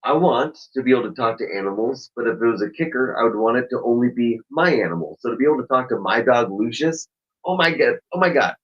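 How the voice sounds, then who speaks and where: A man co-hosting a podcast with a lively, swinging pitch, joking in playful banter. He sits away from the mic, and the sound is dull and lo-fi. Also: fast, distant mic. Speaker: podcast co-host. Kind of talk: casual chat.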